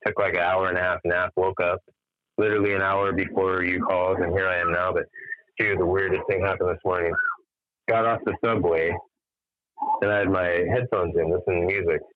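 A man with a very low voice tells a rambling, profane story over the phone, switching into the voices of the people in it. He sounds worn out from a sleepless night. The line is tinny and dry, with no room around it. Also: fairly quick, no echo. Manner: animated storyteller, swears freely, acts out quoted dialogue. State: tired after staying up all night. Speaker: musician guest. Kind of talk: casual phone interview storytelling.

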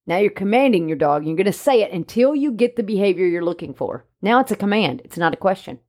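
A woman co-hosting a casual podcast chat, animated and jokey. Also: medium pitch, quick pace. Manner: animated, jokey, speaks for the dog in mock voices. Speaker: podcast co-host, dog trainer.

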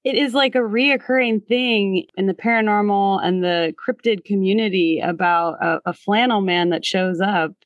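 A woman hosting a paranormal podcast, speaking at a middling pitch and asking curious, probing questions. Her voice sounds close and dry, with no room echo. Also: moderate pace, few pauses, muffled recording. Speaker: podcast host. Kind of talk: podcast interview.

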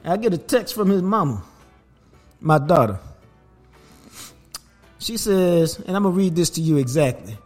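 An older man with a drawl tells a family anecdote as a podcast host. He is casual and animated, jumping into little voices for the people in his story. His voice sits a touch high, with faint music underneath. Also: normal speed, pauses often.

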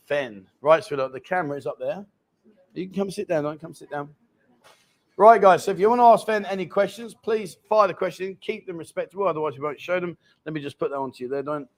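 A man in his fifties hosting a live chat show, joking and teasing guests and viewers in casual banter. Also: fairly high pitch. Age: 50s.

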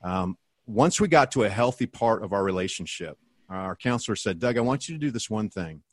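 Earnest middle-aged American man, low voice. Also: expressive, a little fast, no echo, clean studio sound. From United States. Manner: earnest, emphatic storyteller. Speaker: guest, author and speaker. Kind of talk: storytelling in a podcast interview.

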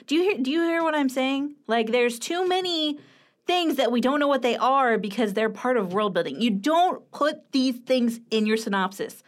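A woman in her thirties hosting a casual writing show, chatty and playful, with quick asides, recorded at home. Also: sits high, expressive. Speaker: writing coach and podcast host. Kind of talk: casual chat with book critique. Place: home room with a clicking heater.

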